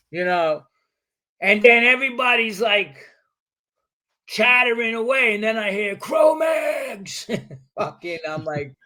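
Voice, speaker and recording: A man tells a story on a podcast, swearing freely and acting out what others said. His voice sits high for a man. He talks in a lively, streetwise way. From New York, USA. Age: 60s. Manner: animated, profane, acts out other people's lines. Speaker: podcast guest. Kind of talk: storytelling in a casual interview.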